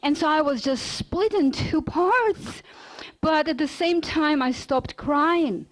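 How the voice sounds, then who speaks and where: Woman, high voice, middle-aged, lively lecture storytelling. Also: slow pace, poor audio. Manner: lively storyteller with non-native grammar. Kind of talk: personal story told in a lecture.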